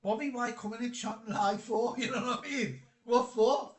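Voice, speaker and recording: A man's voice: very high voice, normal speed, reverberant. A Geordie man doing a casual football live stream, bantering and laughing while reading out chat.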